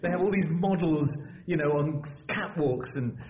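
A man preaching a sermon in a lively, conversational way, often restarting his phrases. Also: a little high, normal speed. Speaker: visiting preacher. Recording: dull lo-fi church recording with faint hiss.

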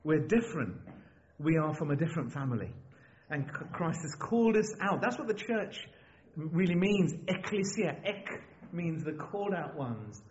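Guy preaching a sermon, chatty and lively, kinda high voice, muffled recording w faint hiss. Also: moderate pace. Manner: lively, conversational preaching with frequent restarts. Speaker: visiting preacher.

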